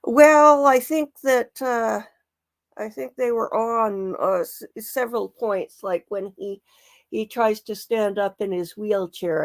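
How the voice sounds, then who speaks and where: A middle-aged woman talks slowly through a casual true crime commentary, her voice gravelly with fry. She rambles and restarts her sentences, leaning on fillers as she goes. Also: mid-range voice.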